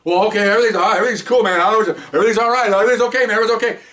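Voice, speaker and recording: A man puts on a jittery male suspect whose voice jumps high and tight as he pleads over and over. He sounds set back from the mic, with the room around him. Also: rapid-fire, pushed and bright, far from the mic. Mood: frantic. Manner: frantic, repeats himself nervously.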